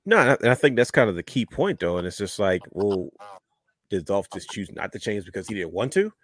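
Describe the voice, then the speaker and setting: A man's voice: on the low side, big pitch swings, a little fast, no room sound, clean studio sound. A man hosting a podcast in a casual, rambling chat, calling listeners brother. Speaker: podcast host.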